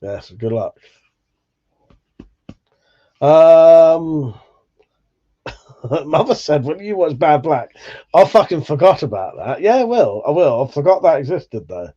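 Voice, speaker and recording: A man's voice: a little high, sing-song, takes it slowly, pauses often, dark tone, dull audio. A man hosting a livestream, chatting casually and reading out viewer comments, swearing freely and laughing at himself. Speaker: livestream host.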